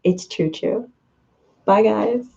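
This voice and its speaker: A woman's voice: medium pitch, takes it slowly, vocal fry, warm tone, lo-fi sound. A woman hosting a live stream, chatting casually, reading viewer comments aloud and laughing often.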